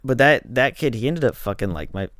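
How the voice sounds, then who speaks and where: A man's voice: medium pitch, very animated, brisk, a bit bright, dry recording, studio quality. A man co-hosting a podcast who talks in a laid-back, profane, casual way. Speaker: podcast co-host. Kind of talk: casual chat.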